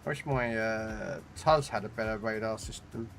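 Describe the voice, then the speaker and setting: A man's voice: fairly low pitch, moderate pace, creaky, a bit bright, faint music behind. A man streaming a video game, chatting casually with his viewers and swearing at the game as he plays. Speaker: gaming streamer. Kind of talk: live game stream commentary. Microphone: desk condenser mic.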